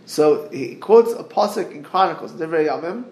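A man giving a Torah class over a group call, earnest and halting, quoting Hebrew verses and translating them. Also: a little high, lively intonation, gravelly, darkish tone, echoey room. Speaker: Torah teacher. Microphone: group call line.

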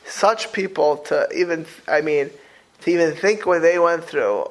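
A middle-aged man, a rabbi giving a Torah class in a lively way, often repeating words and firing off rhetorical questions. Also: a little high, a little slow.

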